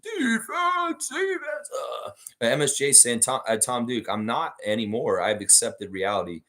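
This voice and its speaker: Hoarse, fired-up man hosting a live stream. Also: fairly low pitch, normal speed. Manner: animated, reads chat messages aloud, swears freely. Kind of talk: casual live-stream sports chat.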